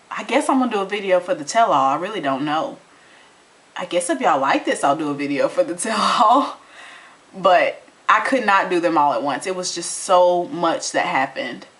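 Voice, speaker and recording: A woman's voice: on the low side, measured pace. A young adult woman chats through a reality TV recap with real heat. She swings from indignant outbursts to loose, folksy asides, sounding a bit winded by the end. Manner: animated, indignant, folksy Southern US turns of phrase. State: out of breath. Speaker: TV recap vlogger. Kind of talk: casual recap chat.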